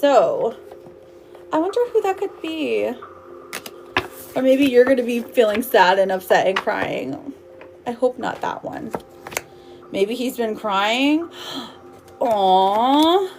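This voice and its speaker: A woman's voice: a little high, lively intonation, slow, gravelly, pauses often, darkish tone, slight background noise. A woman giving a live-streamed tarot reading in a chatty, affectionate way, calling her viewers darling and my love. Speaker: tarot reader.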